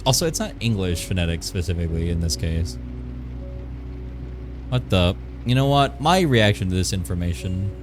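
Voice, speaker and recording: A man talks casually to his stream audience while he draws, jumping from one thought to the next. His voice sits on the low side. Faint music plays under his voice. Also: animated, normal speed. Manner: playful, rambling, chats with viewers. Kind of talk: casual live-stream chat while drawing.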